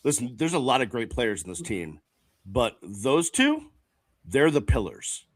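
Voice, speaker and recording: A man hosts a casual sports podcast in an ordinary mid-range voice. He speaks in a measured, reflective way with plenty of fillers, recorded dry and close. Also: mid-range voice, huge pitch swings, no room sound. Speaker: podcast host.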